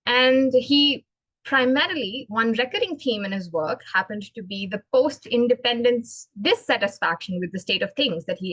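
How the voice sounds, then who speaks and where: A woman giving a prepared club speech on poetry, earnest and expressive, talking in a measured way. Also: medium pitch, slightly rough, no room sound, poor audio. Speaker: club speaker.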